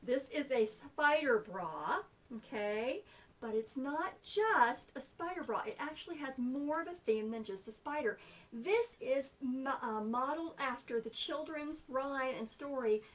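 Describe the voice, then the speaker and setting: A woman's voice: high-pitched, expressive, unhurried, fairly bright tone, far from the mic, poor audio. A woman hosting a casual show-and-tell, bubbly and enthusiastic, then reading a story aloud. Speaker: host.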